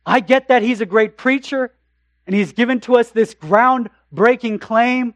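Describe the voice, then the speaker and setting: A man with a notably high voice preaches a sermon. He builds emphasis with repeated phrases and slows for scripture readings. The recording is close and dry. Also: no echo. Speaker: pastor.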